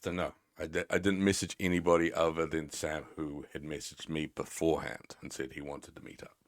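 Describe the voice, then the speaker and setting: A man's voice: extremely low pitch, little pitch movement, fairly quick, no room sound, clean studio sound. A man casually chatting with his stream audience in a rambling, sweary, teasing way. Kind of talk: casual live-stream chat.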